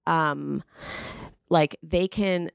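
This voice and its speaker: A woman in her thirties chatting as a podcast guest, excited and rambling, full of "like". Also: low voice, drawn-out words, gravelly, smooth, dry recording, clean studio sound. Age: 30s. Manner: excited, rambling, lots of likes. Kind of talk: casual chat.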